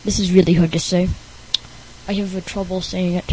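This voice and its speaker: A woman's voice: on the low side, level tone, mellow, a little hiss or hum, rough recording. A woman hosting a playful homemade podcast, goofy and teasing. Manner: goofy, teasing, slow-talking. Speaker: podcast host.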